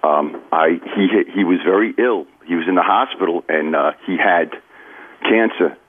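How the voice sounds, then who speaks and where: Interview guest: New man, earnest storyteller, lowish voice, heard over a thin phone line. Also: moderate pace, a little hiss or hum. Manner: earnest, confiding, addresses host by name. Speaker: author and recovery guest. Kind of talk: radio interview, personal storytelling.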